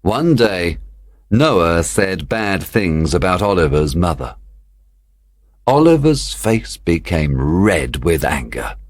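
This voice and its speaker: A man narrating a children's storybook for young learners, slow, clear and expressive. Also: sits low, no room sound. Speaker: audiobook reader.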